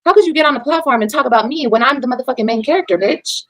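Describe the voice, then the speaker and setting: A woman's voice: rapid-fire, rough recording. A mother on a livestream, ranting about her critics in a heated, profane way and lecturing her viewers. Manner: heated, profane, preachy, swings between loud and low. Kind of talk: casual livestream rant.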